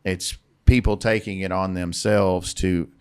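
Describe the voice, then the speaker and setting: Deep-voiced man hosting a podcast. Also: steady tone, a little slow, a little mellow, clean tone. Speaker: podcast co-host leading the topic. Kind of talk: casual podcast discussion.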